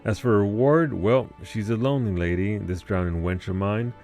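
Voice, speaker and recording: A man voicing a gruff, rough-humored male innkeeper and seafaring guild boss, reading game dialogue aloud in a put-on rough sailor's dialect. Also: on the low side, steady tone, normal speed, a little mellow, soft background music, close to an everyday voice.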